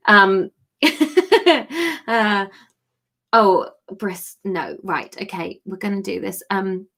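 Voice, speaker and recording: A woman's voice: mid-range voice, very slow, a bit bright. A woman comedian chatting casually on a live stream, giggly and self-mocking as she reads her own story. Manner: giggly, self-mocking, laughs through lines. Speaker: comedian hosting a live book club.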